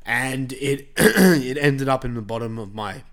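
A man's voice: medium pitch, expressive, a little slow, a bit bright. A man hosting a podcast, chatting casually about films with blunt, sweary opinions. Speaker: podcast host reviewing films. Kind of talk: casual chat.

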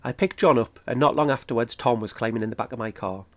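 A man, calmly narrating his own trip in a scripted podcast. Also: mid-range voice, quick pace. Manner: steady, matter-of-fact storytelling. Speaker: podcast host. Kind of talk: scripted first-person narration.

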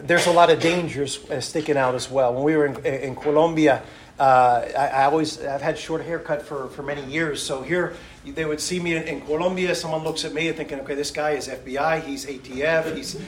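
Male missionary preacher, high voice, story-driven sermon, echoey hall. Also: a little hiss or hum. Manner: animated, acts out quotes. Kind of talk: sermon with stories.

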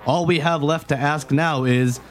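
A man's voice: fairly high pitch, steady tone, moderate pace, natural voice. A man playing a TV news anchorman in a comedy radio sketch, with a formal broadcast delivery. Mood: newsy. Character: solemn male TV news anchorman.

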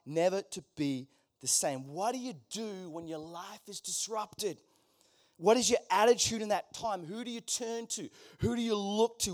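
Animated man preaching. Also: high-pitched. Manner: animated, acts out characters in quoted voices. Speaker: pastor. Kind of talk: sermon with storytelling. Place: church hall.

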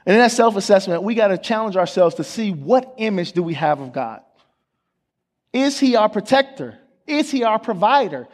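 High-voiced male pastor preaching in a reverberant church. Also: darkish tone. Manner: call-and-response preaching, asks the congregation questions; joking, laughs with the congregation. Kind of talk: sermon. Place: church sanctuary. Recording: long hall reverb from the sanctuary.

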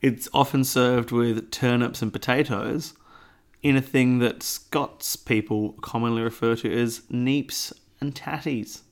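A man's voice: mid-range voice, fairly even intonation, unhurried. A man co-hosting a podcast in easygoing, rambling chat. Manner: rambling, easygoing, trails into asides. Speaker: podcast co-host. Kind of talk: casual chat.

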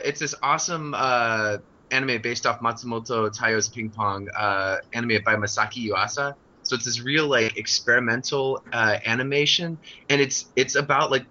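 A man's voice: mid-range voice, bright, forceful tone. A man guesting on a podcast, explaining things eagerly in long rambling runs. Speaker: podcast guest, comic artist. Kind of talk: casual chat. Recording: dull lo-fi podcast audio.

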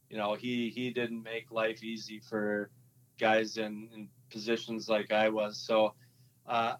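Low, even-voiced man telling a story. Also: slight background noise, low-quality recording. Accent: Minnesotan. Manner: halting, with frequent fillers and restarts. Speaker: guest, former hockey player. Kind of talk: relaxed storytelling interview.

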